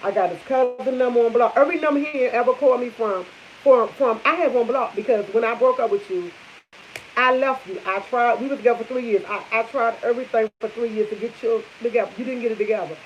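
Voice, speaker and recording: A woman's voice: fairly high pitch, fast talker, a little hiss or hum. A young adult woman chatting casually to her viewers, blunt and emphatic, repeating her points for force. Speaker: vlogger. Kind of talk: casual chat to camera. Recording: dull lo-fi audio.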